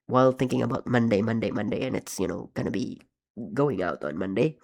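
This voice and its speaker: A man's voice: lowish voice, brisk, vocal fry, darkish tone. A man casually talking through how he made his animations, rambling with many ums and restarts and poking fun at himself. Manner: rambling, self-deprecating, frequent ums and restarts. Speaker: animator vlogger. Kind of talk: casual behind-the-scenes commentary.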